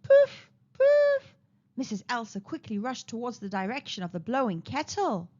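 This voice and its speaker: A woman reading a children's storybook aloud in an animated, sing-song way. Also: a little high, a little fast. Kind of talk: read-aloud storybook narration. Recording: slightly dull lo-fi recording.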